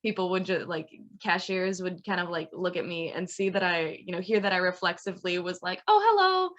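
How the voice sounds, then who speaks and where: Young woman student panelist, lowish voice, rambly, lo-fi call sound. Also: little pitch movement, fairly quick, fairly bright tone. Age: young adult. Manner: rambling, full of "like" and "you know". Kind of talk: casual panel chat. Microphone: video call.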